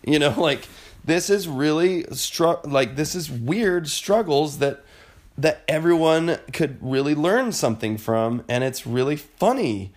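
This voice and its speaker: A young man in a casual monologue, animated and rambling, with a lot of filler words. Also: a little high, unhurried. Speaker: vlogger.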